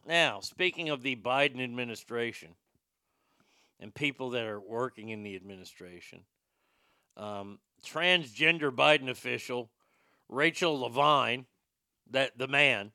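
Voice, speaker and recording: A man's voice: mid-range voice, measured pace, sharp tone, smooth, no echo, studio quality. A male show host delivering profane, sarcastic political commentary, with boastful asides.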